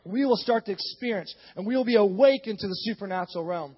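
A man preaching a sermon as pastor, emphatic and building to shouts. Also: high-pitched, quick pace, slightly rough. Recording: dull, long-reverb hall sound.

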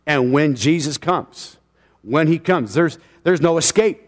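A middle-aged man preaching a sermon with passion, swinging from loud declarations to quiet asides. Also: a little high, measured pace, long reverb tail. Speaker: pastor.

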